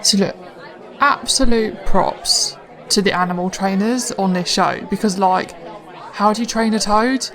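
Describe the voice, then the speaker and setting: A woman's voice: mid-range voice, unhurried, fairly bright tone, a faint crowd, natural voice. A woman playing an impressed theatregoer in a comic sketch, chatting casually and rambling. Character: enthusiastic female theatregoer, chatty.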